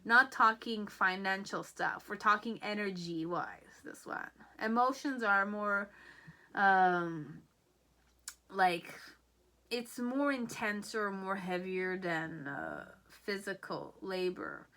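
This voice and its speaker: A woman's voice: medium pitch, takes it slowly, sharp tone. A woman giving a casual tarot reading, chatty and rambling, often checking in with "okay?" and "you know". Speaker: tarot reader. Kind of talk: casual pick-a-card reading.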